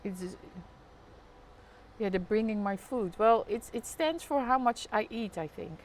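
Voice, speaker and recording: A woman's voice: medium pitch, lively intonation, unhurried, a little hiss or hum. A woman with a Dutch accent chatting casually on a live stream, narrating the street below her apartment window. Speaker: live vlogger.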